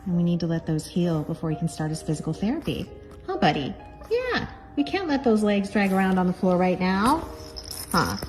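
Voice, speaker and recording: A woman caring for a rescue puppy, cooing and whispering soft baby talk to it between casual explanations for a pet vlog. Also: on the low side. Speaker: dog rescue caretaker.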